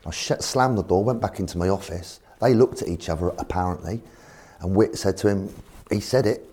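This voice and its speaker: A former football manager telling anecdotes in an animated way and acting out voices. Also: male voice, on the low side, fairly quick, breathy edge. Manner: animated, acts out voices in his stories. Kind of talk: anecdotal storytelling.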